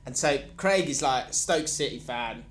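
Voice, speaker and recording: A man with a Cockney accent co-hosting a football podcast, chatting and telling stories with quick asides. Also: medium pitch, expressive, fairly bright tone, a little hiss or hum. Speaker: podcast co-host. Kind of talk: casual chat.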